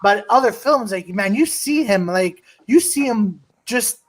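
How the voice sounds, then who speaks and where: A man's voice: sits high, expressive, unhurried. Rambling casual man on a video call. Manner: rambling, lots of fillers and profanity. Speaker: podcast co-host.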